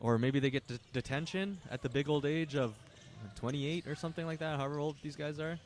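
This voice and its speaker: A man's voice: fairly high pitch, brisk, a little hiss or hum. A young Canadian man doing casual play-by-play commentary on a livestreamed basketball game, joking to viewers between plays. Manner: chatty, joking asides to viewers. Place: gym at a basketball tournament.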